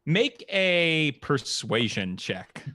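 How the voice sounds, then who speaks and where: A man running a tabletop game as game master, narrating in a relaxed, halting way with many fillers. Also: a little high, no echo, clean studio sound. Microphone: podcast mic.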